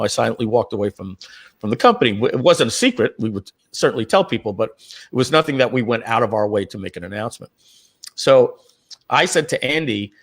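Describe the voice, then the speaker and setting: A middle-aged man, a guest in an interview, telling his story casually, often restarting his sentences and clearing his throat, and jumping up in pitch when he acts out what others said. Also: fairly bright tone. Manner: acts out quoted voices with jumps in pitch. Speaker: interview guest, online marketer.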